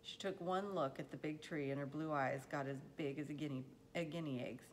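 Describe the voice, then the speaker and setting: A woman reading a children's novel aloud in a steady, unhurried storytelling manner. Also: sits low, slight background noise, rough recording. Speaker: audiobook reader.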